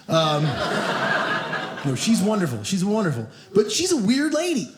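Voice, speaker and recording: Lively high-voiced male stand-up comic. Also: moderate pace, heavy background noise. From Kentucky. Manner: animated storytelling, acts out quoted voices. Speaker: stand-up comedian. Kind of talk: stand-up comedy set. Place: comedy club stage. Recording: echoey theater with loud audience laughter.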